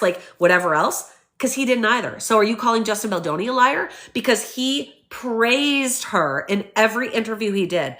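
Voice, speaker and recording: Woman ranting on her vlog, bright voice, kinda high, acts out quotes. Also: normal speed. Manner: animated, mimics quoted people, emphatic. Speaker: commentary vlogger. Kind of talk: opinionated casual commentary.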